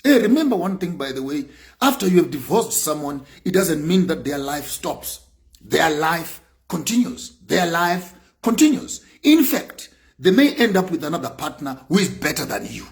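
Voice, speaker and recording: A man's voice: on the high side, very animated, normal speed. A man giving an impassioned speech, repeating his points with emphasis and rising to raised bursts. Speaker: speaker on sanctions.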